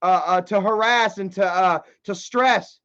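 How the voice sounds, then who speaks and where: Excitable profane man on a stream. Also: high-pitched, slow pace. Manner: excitable, profane, swings from loud outbursts to mutters. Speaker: livestream host. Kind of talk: casual livestream commentary. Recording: dull lo-fi stream audio.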